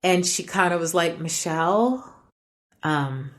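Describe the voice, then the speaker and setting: Low-voiced woman telling a personal story. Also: unhurried. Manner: candid, with quoted voices and small laughs. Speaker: podcast host.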